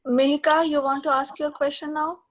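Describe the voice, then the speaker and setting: A woman's voice: high voice, level tone, fairly quick. A woman moderating an online class, calling on each student in turn with brief invitations to ask their question.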